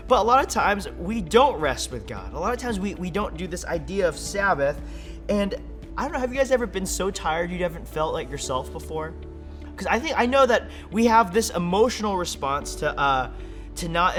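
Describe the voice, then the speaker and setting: Upbeat young man giving a kids' talk. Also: high voice. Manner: playful, animated, acts out silly voices and laughs. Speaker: kids ministry speaker. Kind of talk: energetic kids' sermon.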